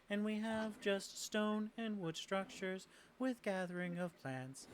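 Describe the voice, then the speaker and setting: A man's voice: sits high, a bit bright, a little hiss or hum, pitched above the performer's own voice, heavily acted. A man playing a stiff mechanical judge. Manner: stiff, formal, precise phrasing. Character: formal male mechanical construct who judges newcomers.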